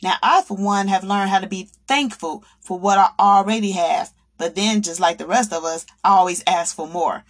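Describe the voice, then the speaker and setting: A woman's voice: medium pitch, normal speed, hardly any pauses. A woman hosting a faith podcast, addressing listeners as brothers and sisters, preaching in a conversational way and acting out people's complaints. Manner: acts out quoted complaints in a raised voice. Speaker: podcast host. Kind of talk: faith-based motivational talk.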